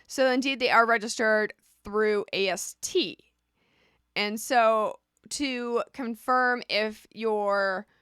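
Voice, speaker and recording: A woman's voice: mid-range voice, sharp tone, clean tone, no room sound, studio quality. A woman vlogging casually, explaining things chattily and often repeating a rhetorical "right?".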